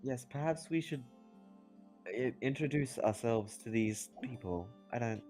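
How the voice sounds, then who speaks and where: A man voicing a stiff, formal male robot adventurer with a halting, mechanical way of talking. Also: mid-range voice, expressive, warm tone, faint music behind, pitched above the performer's own voice, lightly acted.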